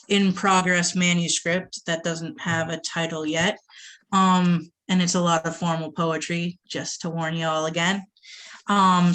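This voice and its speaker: A woman from the Boston area reading her poems aloud at a poetry event, with a measured delivery and short asides to the audience. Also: on the low side, fairly bright tone. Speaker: poet reading her work.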